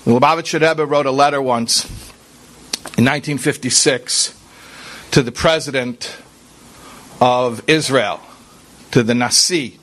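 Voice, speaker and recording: A man's voice: medium pitch, measured pace, pauses often, a bit bright. A man giving an earnest, conversational sermon as a rabbi, talking straight to his listeners and mixing in Hebrew and Yiddish religious terms. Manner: earnest, talks straight to listeners with rhetorical questions. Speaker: rabbi giving a Torah class.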